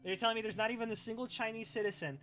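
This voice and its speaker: A man's voice: high voice, very fast, sharp tone. A young man streaming live, reacting to clips in a profane, ranting, scoffing way.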